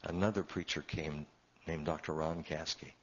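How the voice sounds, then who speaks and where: A man's voice: rumbling low, steady tone, normal speed, muffled recording. A man preaching, a pastor giving an emotional testimony in a sermon, his voice swelling and dropping as he tells it.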